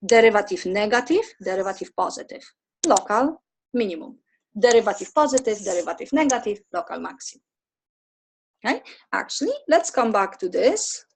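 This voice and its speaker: Husky-voiced woman teaching math. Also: medium pitch, animated, brisk, low-quality recording. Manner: talks through steps, asks students questions. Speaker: math lecturer. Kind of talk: recorded lecture over slides.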